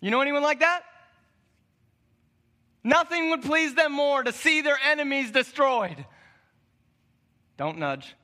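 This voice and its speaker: High, bright-voiced animated preacher man. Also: a little slow, pauses often. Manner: animated, playful storytelling. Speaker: pastor. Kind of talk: sermon.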